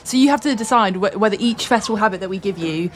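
A woman's voice: mid-range voice, fast talker, slight background noise. A woman from Southwest England co-hosting a live radio show, giggly and teasing. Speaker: radio co-host. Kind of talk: casual live radio chat.

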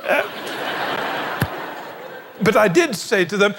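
A British man preaches in a large hall, his fairly high voice trailing off into a long reverb. He is animated and wry, and he slips into the voices of the people in his stories. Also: takes it slowly, long pauses, slight background noise. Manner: animated, humorous storytelling with acted quotes. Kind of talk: sermon.

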